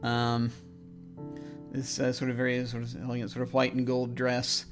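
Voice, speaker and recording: Male game master, halting narration, mid-range voice, frequent ums. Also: mid-range voice, monotone, soft background music. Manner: halting, many ums and restarts.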